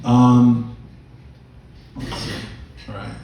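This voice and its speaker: A man doing a stand-up set, his voice dark and mellow and heard from a distance in a very echoey club. He tells stories loosely, with lots of fillers, and laughs through his lines. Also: medium pitch, flat delivery, very slow, vocal fry, slight background noise. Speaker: stand-up comedian. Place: comedy club stage with audience laughter. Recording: echoey room, mic far off.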